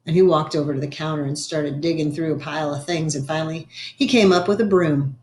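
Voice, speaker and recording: A woman reading a children's novel aloud in a gentle storytelling manner, slowing down for effect. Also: deep voice. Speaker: reader. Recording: echoey room.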